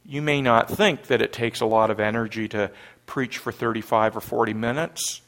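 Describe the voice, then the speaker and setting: A middle-aged man from Canada preaching a sermon, an animated storyteller who acts out panicked scenes loudly. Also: mid-range voice, moderate pace. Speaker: pastor.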